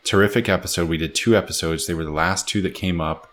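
A man's voice: deep voice, fast, a bit bright. A man co-hosting a podcast in casual chat, upbeat and chatty, laughing easily. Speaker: podcast co-host.

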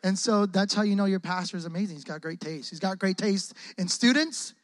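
High-voiced man preaching with playful slang. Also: brisk, no room sound. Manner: playful, joking, heavy casual slang. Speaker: guest preacher. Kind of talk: lively call-and-response sermon. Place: church hall with a congregation. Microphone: close microphone on the speaker.

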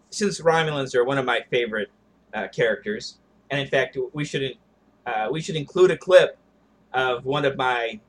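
A man co-hosting a podcast, talking through ideas in a thoughtful, digressive way. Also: medium pitch. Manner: thoughtful and digressive, musing on tactics and history. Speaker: podcast co-host. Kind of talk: casual discussion.

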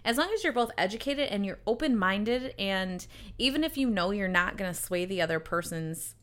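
A woman's voice: medium pitch, animated, moderate pace, fairly bright tone. A young woman guest on a podcast, chatting candidly and animatedly, acting out quoted talk. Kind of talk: casual chat.

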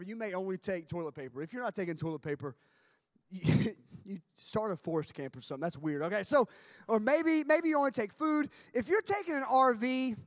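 A man preaching at a youth camp, telling a comic story with shouted punchlines before turning earnest. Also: high voice, dry recording.

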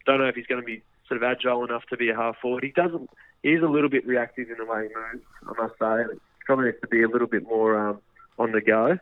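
A man's voice: mid-range voice, steady tone, quick pace, dry recording. A man, a guest football journalist, talking casually on radio with lots of hedging fillers and restarts. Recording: tinny phone line.

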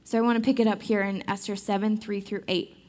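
A woman's voice: medium pitch, level tone, fast, darkish tone. A young adult woman giving a casual devotional talk on a Bible story, chatty, with many fillers and restarts. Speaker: Bible study speaker.

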